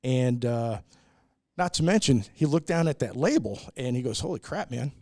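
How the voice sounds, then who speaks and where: Middle-aged guy telling brewery stories, lots of uh's, dry close sound, middle pitch. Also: expressive, normal speed, mellow, no room sound. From United States. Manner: earnest, many "uh"s, acts out quoted people. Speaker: brewery owner, guest. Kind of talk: casual storytelling in a podcast interview.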